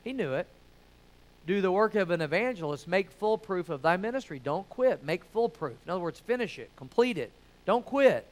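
A man's voice: sits high, animated, moderate pace. A man preaching a sermon, emphatic and conversational, full of rhetorical questions.

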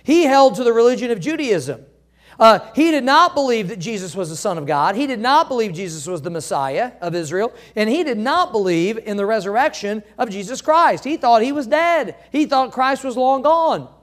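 A man's voice: extremely high pitch, animated, moderate pace. Emphatic folksy male pastor. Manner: emphatic, folksy, joking asides. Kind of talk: sermon.

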